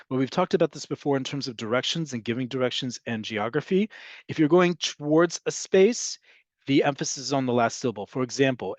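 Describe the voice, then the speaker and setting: A man teaching an online language class, explaining vocabulary and answering questions, sometimes repeating words slowly. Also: medium pitch, darkish tone, no room sound. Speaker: Hebrew teacher.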